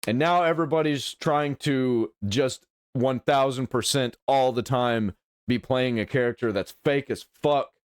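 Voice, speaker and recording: A man's voice: medium pitch, a little slow, clean tone, no room sound, studio quality. A man hosting a reaction video, talking bluntly in casual commentary and swearing as he rants.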